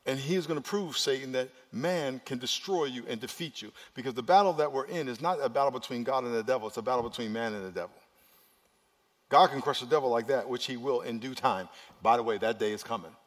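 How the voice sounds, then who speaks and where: A man preaching a sermon as pastor, swinging between loud urgent passages and quiet, hushed ones. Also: medium pitch, quick pace. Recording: long reverb of a large hall.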